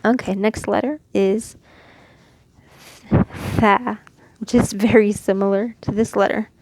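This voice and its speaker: A woman from Mexico teaching letters and their sounds in a casual, patient lesson, demonstrating each sound slowly. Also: mid-range voice, steady tone, dark tone, dry recording. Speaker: Quran reading teacher.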